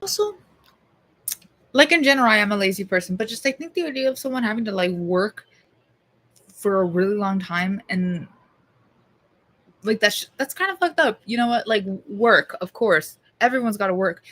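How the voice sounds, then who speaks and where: A woman's voice: medium pitch, animated, normal speed, pauses often, fairly bright tone. A young woman vlogger talking casually to her camera, rambling, swearing and mocking herself.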